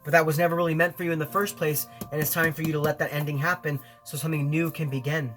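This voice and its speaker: A man's voice: a little high, flat delivery, quick pace, over music. Earnest, encouraging male tarot reader. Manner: earnest, encouraging, repeats phrases for emphasis. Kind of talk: weekly tarot reading to camera.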